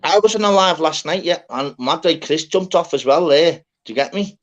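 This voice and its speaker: A man hosts a loose online panel and swears freely. His pitch swings widely and his delivery is animated. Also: brisk, highs cut off. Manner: lively, laughing, sweary. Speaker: host. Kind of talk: casual chat.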